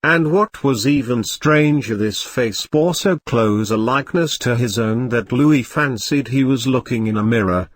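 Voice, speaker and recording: A man reading a classic novel aloud as an audiobook, in a measured storytelling manner with light shifts for the characters. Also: mid-range voice, dry recording. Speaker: narrator.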